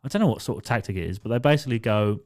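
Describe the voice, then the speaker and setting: A man's voice: mid-range voice, expressive, very fast, a little mellow. A young man co-hosting a podcast, telling a story in casual chat, swearing a lot and laughing as he goes. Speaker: podcast co-host.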